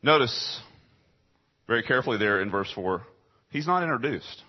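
Husky male pastor, dramatic sermon delivery, muffled low-fi sound, mid pitch. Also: animated, normal speed. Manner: dramatic swings between quiet asides and raised emphatic lines.

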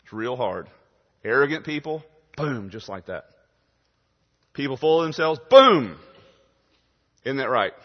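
A male pastor preaching a sermon, punching key words loudly, then dropping to quiet asides. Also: mid-range voice, very animated, unhurried, pauses often. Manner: emphatic preaching, swings from loud stresses to quiet asides. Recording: dull sound in a reverberant hall.

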